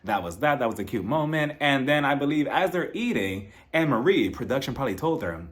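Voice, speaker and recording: A man recaps a reality TV episode as casual, gossipy chat. His delivery is sassy and animated, and his pitch swings widely from line to line. He laughs often as he goes. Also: brisk.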